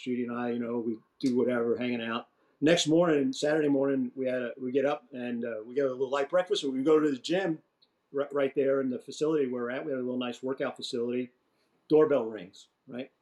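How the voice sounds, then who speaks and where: A man's voice: mid-range voice, fast talker. A man in his sixties, a retired general guest, telling casual stories with restarts and mild swearing. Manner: animated, profane anecdotes with restarts. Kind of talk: casual storytelling.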